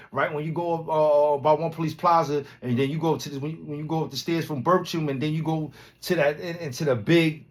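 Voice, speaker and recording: A man from Brooklyn, hosting a podcast and telling a story in a casual, slang-heavy way, acting out loud quotes as he goes. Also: fairly high pitch. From Brooklyn, New York. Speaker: podcast host.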